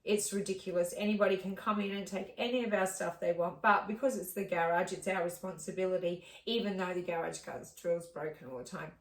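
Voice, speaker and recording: A woman's voice: on the low side, fairly even intonation, brisk, hardly any pauses. A middle-aged woman talking through her life in a rambling, heartfelt way, with many fillers, in a casual vlog. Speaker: vlogger. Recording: echoey room, distant mic.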